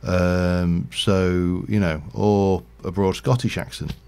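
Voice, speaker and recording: Deep gravelly man, slight Yorkshire accent. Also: level tone, slow, dark tone. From Yorkshire, England. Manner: rambling, chatty, self-correcting. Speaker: game streamer. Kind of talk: casual livestream gameplay commentary.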